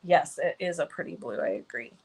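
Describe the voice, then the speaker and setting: A woman's voice: low-pitched, animated, a little fast, darkish tone, slightly rough, poor audio. Chatty woman hosting a live craft stream. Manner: chatty, reacts to viewer comments by name; self-deprecating, talks while working. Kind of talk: live cardmaking tutorial.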